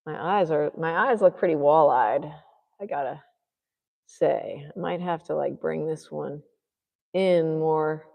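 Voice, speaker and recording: A woman's voice: deep voice, a little slow, vocal fry, in a large hall, highs cut off. A woman painting a self-portrait on a live stream, chatting casually and thinking aloud as she works. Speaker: artist livestreaming a painting session. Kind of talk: casual chat while painting.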